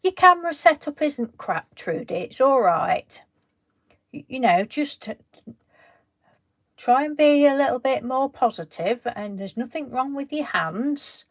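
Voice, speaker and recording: A woman hosting a craft live stream. She chats casually, greets viewers and answers them from the live chat, and reassures them gently, often trailing off mid-sentence and starting over. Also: high voice, lively intonation, measured pace.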